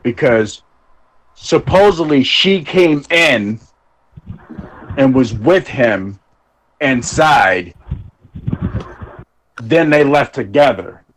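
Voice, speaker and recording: A man's voice: medium pitch, lively intonation, very slow, long pauses, slight background noise, low-quality recording. A man co-hosting a podcast, telling rambling anecdotes in casual chat, swearing heavily and acting out what people said. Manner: rambling anecdotes, heavy swearing, acts out quotes. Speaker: podcast co-host.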